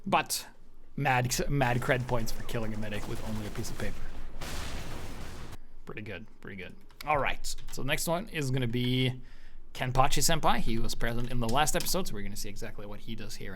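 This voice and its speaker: A man talking over gameplay clips in a loose, excitable commentary style, swearing freely and jumping into loud outbursts. His voice sits at an ordinary middle pitch. A steady layer of background noise runs under the whole recording. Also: a little fast. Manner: excitable, swears often, bursts into shouts and laughs. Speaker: gaming commentator. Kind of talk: video game commentary.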